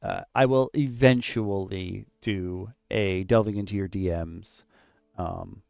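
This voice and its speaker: A man chatting casually about running tabletop adventures, animated and loose, with lots of "like" in his talk. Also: deep voice, slow pace, gravelly, dry recording, lo-fi sound. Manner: animated and loose, heavy use of "like". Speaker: dungeon master discussing adventure design. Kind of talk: casual roundtable chat.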